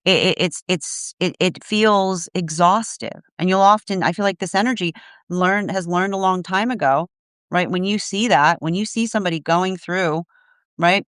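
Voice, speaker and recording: A woman's voice: lowish voice, moderate pace, fairly bright tone, clean tone, no echo, studio quality. A woman giving a live tarot energy reading, searching for words, restarting often and tagging points with a questioning "right?". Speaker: tarot reader.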